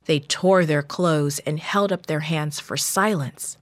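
A woman narrating a children's Bible story in a slow, measured, gentle scripted reading. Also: deep voice, no echo, studio quality.

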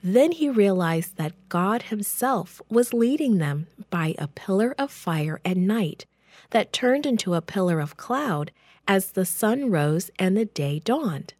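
A woman reading a children's Bible story aloud in a gentle, expressive storytelling voice. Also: medium pitch, takes it slowly, no echo, studio quality.

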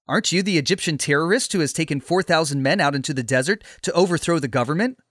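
A man voicing a brisk, puzzled male army captain in a storybook. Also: on the high side, animated, dry recording, clean studio sound, close to an everyday voice.

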